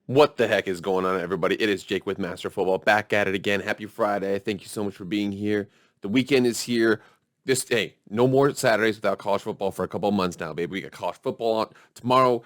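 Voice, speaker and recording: A man's voice: fairly low pitch, dry recording, clean studio sound. A man hosting a football show in casual, upbeat commentary, chatty and hyping his viewers. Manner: upbeat and chatty, hypes the audience.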